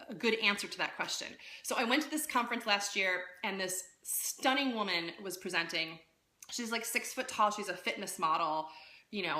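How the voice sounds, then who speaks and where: A woman coaching public speaking in a casual live-streamed talk, lively and conversational, often checking in with "right?". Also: medium pitch, reverberant. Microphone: phone.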